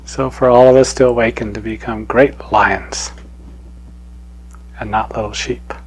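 A man giving a spiritual talk as a teacher, telling a parable in an unhurried, gently chuckling way. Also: medium pitch, fairly even intonation, breathy edge, poor audio.

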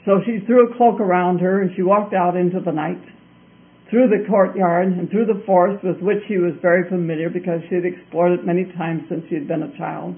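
A man tells a fairy tale in a high voice, deliberately and with a lot of repetition. The sound is tinny and narrow, like a phone line. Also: fairly even intonation. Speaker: storyteller. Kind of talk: told fairy-tale narration.

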